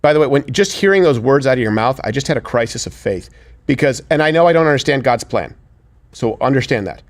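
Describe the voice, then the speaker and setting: A man's voice: mid-range voice, animated, fast talker. A man hosting a crude comedic political talk show, sarcastic and mocking. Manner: sarcastic, slips into mocking impressions. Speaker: show host.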